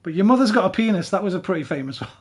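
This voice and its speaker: A man's voice: sits high, animated, very fast, husky. A man chatting casually while streaming a game, humming snippets and swearing freely. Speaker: streamer playing a survival game. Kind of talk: casual chat over music videos.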